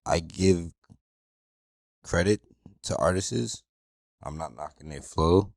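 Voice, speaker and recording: A man guests on a podcast and chats in a relaxed, playful way full of slang. His voice is extremely deep and gravelly. The sound is dry and close. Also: takes it slowly, no room sound. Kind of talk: casual podcast chat.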